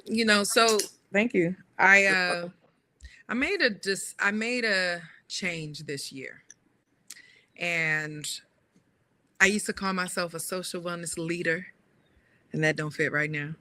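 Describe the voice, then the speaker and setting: Female educator guest, bright crisp tone, deliberate and affirming, on a live stream. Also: fairly low pitch. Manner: warm affirming interjections, deliberate. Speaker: social wellness educator. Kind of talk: casual livestream chat.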